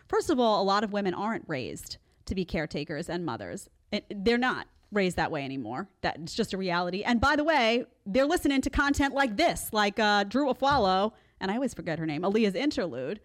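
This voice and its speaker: Sarcastic lady host riffing on clips, voice jumps all over, middle pitch. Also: a little fast, hardly any pauses. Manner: sarcastic, animated, mocks others in put-on voices. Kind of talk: live commentary show.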